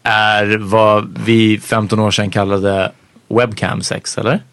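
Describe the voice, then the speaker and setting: A man hosting a podcast in casual chat, talking quickly in bursts and stopping to correct himself. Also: lowish voice, flat delivery, fairly bright tone, smooth, dry recording. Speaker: podcast host.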